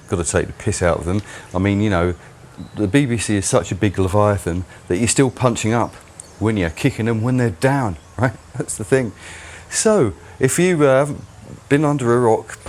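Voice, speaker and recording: A man's voice: on the low side, slight background noise. A man hosting his own channel, delivering a rambling, mocking solo commentary. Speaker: channel host.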